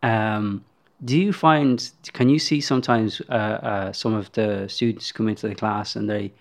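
A man's voice: fairly low pitch, fairly even intonation, a little slow. A man co-hosting a casual podcast, asking questions hesitantly and restarting often as he searches for words. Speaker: podcast co-host.

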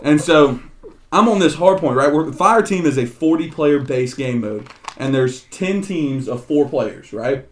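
A man co-hosting a casual chat, telling a gaming story in an animated, profane way. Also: on the high side, unhurried, roomy sound, far from the mic. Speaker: podcast co-host.

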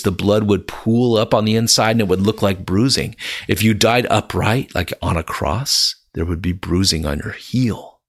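A man giving an earnest devotional Bible teaching, speaking straight to the listener and rising to excited, emphatic peaks. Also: on the low side. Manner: earnest, swells to excited exclamations, addresses listener as my friend.

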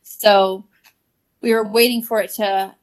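A woman's voice: mid-range voice, flat delivery, unhurried. A woman in her thirties, a podcast guest telling a story in casual chat, laughing often and using many fillers.

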